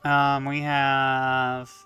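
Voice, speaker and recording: A man's voice: mid-range voice, monotone, extremely slow, pushed and bright, clean tone, soft background music. A man reading a story game aloud and adding wry, joking asides. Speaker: gamer.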